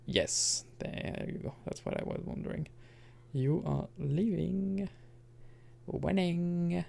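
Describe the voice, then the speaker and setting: A man's voice: high-pitched, slow, gravelly, dark tone. A man giving casual let's-play commentary, rambling and correcting himself, with chuckling asides. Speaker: gaming commentator.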